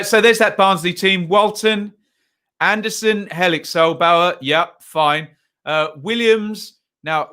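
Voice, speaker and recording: A young man from England hosts a live football stream in a sharp, fairly high voice. Chatting casually, he reads out lineups and viewer comments, saying um a lot.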